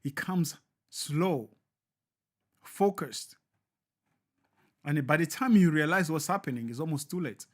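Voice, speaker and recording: A man's voice: on the high side, expressive, unhurried, long pauses. A man hosting a live show, giving emphatic, repetitive, preacher-like commentary.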